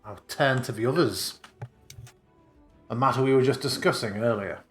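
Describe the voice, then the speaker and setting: A man's voice: medium pitch, normal speed, fairly bright tone, faint music behind. A man playing a tabletop game, moving between in-character speech and casual table talk over a voice call. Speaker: player. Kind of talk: casual tabletop role-play.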